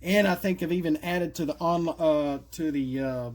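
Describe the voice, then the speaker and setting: Casual male presenter, middle-aged, slightly high voice, rambling and chatty, voice cracking with a cough. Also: normal speed, a little mellow. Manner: rambling, many fillers and asides, self-deprecating. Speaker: card game creator presenting custom cards. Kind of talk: casual solo video talk.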